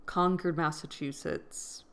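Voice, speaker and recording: A woman's voice: deep voice, fairly even intonation, slow, a bit bright, smooth. A woman in a casual book vlog, musing aloud, questioning herself and joking at her own expense. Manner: playful, self-deprecating. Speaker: book vlogger. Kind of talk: casual chat.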